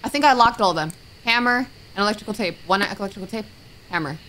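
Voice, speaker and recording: Fast, pushed and bright, a mid-range woman's voice drives this horror game stream, with a little hiss or hum in the audio. The streamer reads on-screen text, mutters item names and bursts into jumpy, fearful exclamations during her let's-play.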